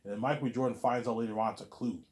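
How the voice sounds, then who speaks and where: A man rambling to camera as he pitches a movie plot, repeating himself and acting out characters' lines in sudden loud bursts. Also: steady tone, very fast. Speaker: vlogger pitching a movie idea. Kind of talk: rambling casual monologue to camera.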